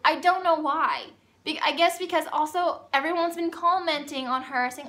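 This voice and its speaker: A woman's voice: sits high, normal speed, fairly bright tone. A woman telling a storytime vlog in a chatty, rambling way. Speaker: vlogger.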